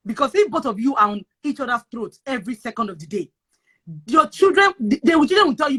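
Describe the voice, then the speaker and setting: Woman, Nigerian accent, high voice, emphatic, preachy, casual chat. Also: animated, quick pace, a bit bright, slightly rough. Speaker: guest sharing advice on moving abroad.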